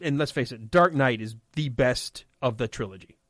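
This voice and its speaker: A man with a Midwestern accent filling in as a talk radio host, chatting fast and telling animated stories. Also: mid-range voice, dry recording, studio quality. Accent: Midwestern American. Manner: animated, fast storytelling with quoted voices. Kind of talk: casual talk radio chat. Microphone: studio microphone.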